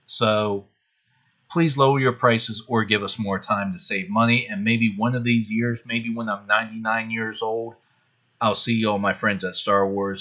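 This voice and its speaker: A man's voice: lowish voice, bright, forceful tone, dull audio. A man hosting a casual solo podcast, chatty and rambling with a self-deprecating touch. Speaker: podcast host.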